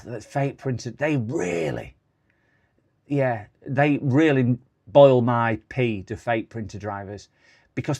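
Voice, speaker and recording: A middle-aged man with a slightly low voice talks casually to his live viewers. He rambles from one thought to the next and tends to work himself up into exasperated complaints. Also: creaky, darkish tone. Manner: rambling, chatty, given to exasperated rants. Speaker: livestream host. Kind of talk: casual live stream chat.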